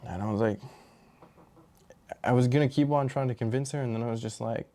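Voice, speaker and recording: A man telling a personal story in a rambling, halting way, with many restarts and fillers. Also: mid-range voice, mellow. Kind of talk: casual storytelling monologue.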